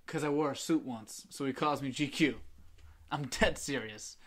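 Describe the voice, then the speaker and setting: A man's voice: medium pitch, moderate pace. A man hosting a casual podcast chat, rambling through stories and mimicking friends' voices. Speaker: podcast host.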